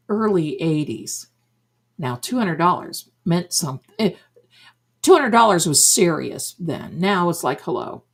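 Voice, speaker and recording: A husky woman in her sixties hosts a tarot livestream and spins a snarky anecdote. She speaks slowly, and her pitch leaps up and down as she tells it. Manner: snarky, animated anecdote telling. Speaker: tarot reader and livestream host. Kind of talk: casual storytelling on a livestream.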